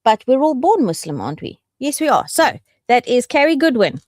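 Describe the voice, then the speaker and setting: A woman's voice: sits high, sing-song, brisk, darkish tone, no echo. A woman hosting a radio show in the studio, playful and affectionate in casual chat. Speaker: radio host.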